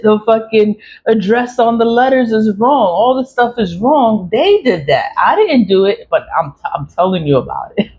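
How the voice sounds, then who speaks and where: Vlogger ranting casually, repeats stuff, swears a lot, muffled lo-fi audio w/ faint hiss. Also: mid-range voice. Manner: emphatic, repeats herself, swears freely. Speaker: spiritual vlogger. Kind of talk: casual rambling monologue. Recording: dull lo-fi recording, faint noise.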